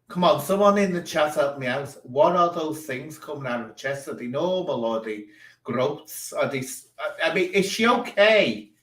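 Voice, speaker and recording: A man's voice: fairly high pitch, a bit bright. Sarcastic man riffing in an echoey room. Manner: sarcastic, theatrical. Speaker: streamer reacting to a video. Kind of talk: mocking reaction commentary.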